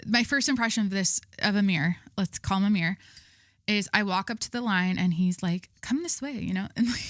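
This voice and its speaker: A woman's voice: medium pitch, fairly bright tone, no room sound, studio quality. A young woman hosting her own podcast, telling stories in a rambling, chatty way full of fillers. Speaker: podcast host. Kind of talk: casual chat.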